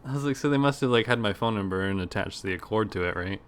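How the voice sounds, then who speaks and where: Podcast co-host, animated storyteller, swears freely, mimics callers. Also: male voice, fairly low pitch, fast talker, smooth. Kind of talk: casual storytelling chat.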